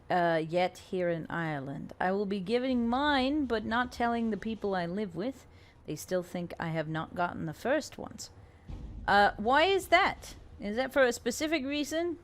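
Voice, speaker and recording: Болтливая стримерша за игрой. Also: female voice, medium pitch, a little hiss or hum. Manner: chatty, reads viewer names aloud. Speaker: streamer. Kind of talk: casual let's-play commentary.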